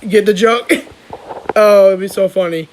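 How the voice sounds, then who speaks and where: Young guy w a high voice, rambly excited vlog chat, keeps restarting sentences. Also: measured pace, a little hiss or hum, poor audio. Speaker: vlogger. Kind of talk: casual chat.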